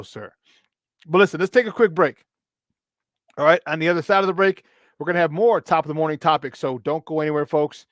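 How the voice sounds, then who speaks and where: A man's voice: a little high, brisk, long pauses, dry recording, clean studio sound. Chatty male sports radio host. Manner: animated storytelling, frequent laughter. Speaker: morning sports talk host. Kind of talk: casual radio chat.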